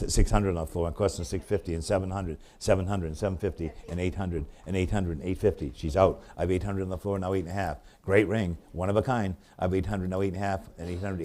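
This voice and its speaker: A low, dark-voiced man with a New England accent calls a live auction. He rattles off bids in quick repeated runs, then slows down for friendly remarks about each piece. His tone stays mellow and relaxed. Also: slight background noise. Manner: rapid repetitive bid calling with chatty asides.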